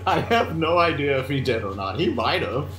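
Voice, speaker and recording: A man's voice: mid-range voice, sing-song, normal speed, roomy sound. A young man chatting playfully on a gaming call, goofy and mock-grand. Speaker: co-player on a stream. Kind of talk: casual gaming chat over voice call.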